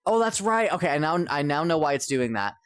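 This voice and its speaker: Clean and dry studio sound carries this young streamer's fairly high, bright, smooth voice, which swings widely in pitch and runs a little fast. Exasperated as his game keeps failing, he rambles to chat and swears often.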